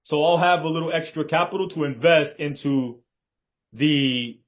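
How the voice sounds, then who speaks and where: A man talks plans through with a partner, emphatic and sure of himself, cursing freely. His voice sits a bit high. The sound is dull and lo-fi, as over a video call. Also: moderate pace. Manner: emphatic, confident, swears freely. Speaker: business partner. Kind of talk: casual planning chat.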